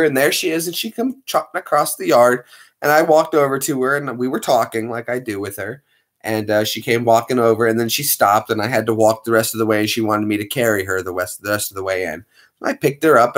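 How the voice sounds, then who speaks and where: A man hosting a casual live stream, chatting playfully with his viewers in an animated way. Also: mid-range voice.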